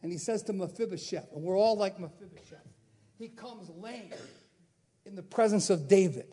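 A man preaching a sermon, firing off rhetorical questions and swinging between loud exclamations and quiet asides. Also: high-pitched, husky. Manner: rapid-fire rhetorical questions.

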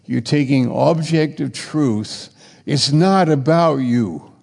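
Slow gravelly guy preaching, halting then sudden loud bursts, big echoey hall. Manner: slow and halting, rising to emphatic high bursts. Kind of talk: sermon. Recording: reverberant hall.

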